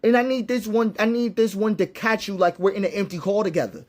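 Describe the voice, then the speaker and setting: A man's voice: sits high, fairly even intonation, fast, a little mellow. A man giving an impassioned, preacherly monologue, repeating his points with emphasis. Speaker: commentator.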